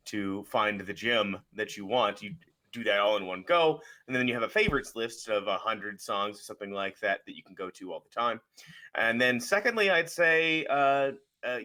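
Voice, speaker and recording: A man's voice: mid-range voice, sharp tone. A man answering as a guest in a casual interview, easygoing and rambling with many fillers.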